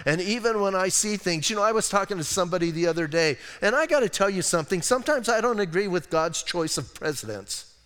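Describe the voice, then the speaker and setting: A male pastor preaching a sermon in a church, humorous and conversational, swinging between soft asides and emphatic points. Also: sits high, expressive, fast, clean tone, big-room sound.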